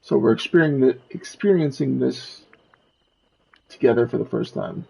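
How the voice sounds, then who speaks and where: A man's voice: medium pitch, normal speed, low-quality recording. A man streaming a video game, chatting casually and self-deprecatingly while he plays. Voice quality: gravelly, raspy. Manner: relaxed, self-deprecating, thinking aloud.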